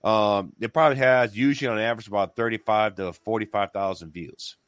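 A man hosting a casual religious discussion, talking in an excited, emphatic, rambling way with many restarts. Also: lowish voice, brisk, dry recording, studio quality.

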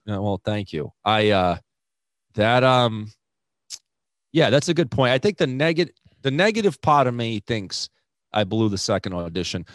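A man's voice: lowish voice, big pitch swings, unhurried, no echo, studio quality. A young man with a Rhode Island accent, a stand-up comedian chatting casually on a podcast in profane, self-deprecating rants.

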